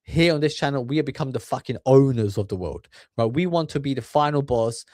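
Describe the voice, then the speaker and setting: A man's voice: medium pitch, animated, brisk, darkish tone, dry recording, studio quality. A man ranting in crude, swear-filled commentary, stacking up filler words as he goes. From England. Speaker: commentary channel host.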